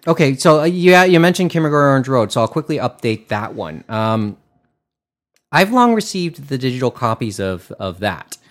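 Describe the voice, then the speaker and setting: A man of middle pitch talks casually on a podcast. He stops often, fills gaps with "um" and "uh", and restarts his sentences. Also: big pitch swings, normal speed. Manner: hesitant, many fillers and restarts.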